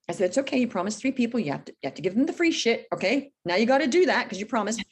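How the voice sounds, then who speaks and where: A woman's voice: fairly high pitch, very animated, quick pace, husky. A middle-aged woman coaching in a casual interview, blunt and emphatic, acting out conversations as she tells stories. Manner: emphatic, blunt, acts out dialogue. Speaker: business coach guest. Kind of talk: casual podcast interview storytelling.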